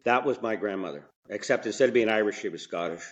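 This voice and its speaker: A man's voice: on the low side, quick pace, muffled recording. A man telling stories as a podcast guest in a colloquial, rambling way, with frequent restarts and asides. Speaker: podcast guest, mechanic and franchise owner. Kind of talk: casual interview storytelling.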